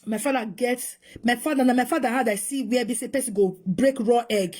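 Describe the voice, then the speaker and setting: A middle-aged woman from Nigeria, with a Nigerian Pidgin English accent, talks straight to her viewers. She is animated and moves between pleading and scolding. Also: fairly high pitch, a little fast. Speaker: vlogger. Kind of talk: emotional casual monologue.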